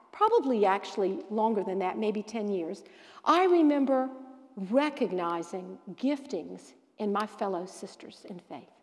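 A woman with a high, bright-toned voice leads a Bible study lesson. She tells the story in an animated, emphatic way, her voice jumping up to stress each point. A long reverb trails her words, as if she were in a large hall.

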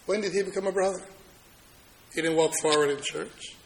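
A man preaching a sermon, telling personal stories and moving from loud proclaiming to quiet, low-key telling. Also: steady tone, fairly quick, poor audio. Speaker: pastor.

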